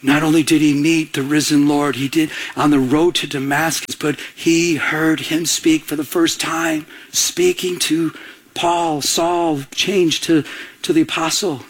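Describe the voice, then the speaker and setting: A middle-aged man preaching a sermon, telling personal stories in an animated way and often repeating words as he restarts. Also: a little high, unhurried. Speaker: pastor.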